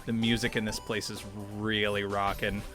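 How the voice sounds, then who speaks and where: A man's voice: on the low side, flat delivery, normal speed, over music. A man co-hosting a gaming podcast, chatting casually and rambling while watching gameplay, swearing and laughing often. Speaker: podcast co-host.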